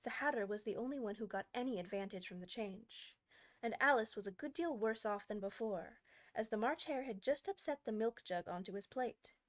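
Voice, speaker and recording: Storybook narrator: a woman with a slightly high voice, clear, even delivery. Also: moderate pace. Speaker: audiobook reader.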